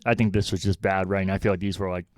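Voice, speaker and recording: A man's voice: deep voice, flat delivery, racing, darkish tone, dry recording. A man co-hosting a podcast in casual chat, blunt and swearing freely as he mocks lines he quotes. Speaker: podcast co-host.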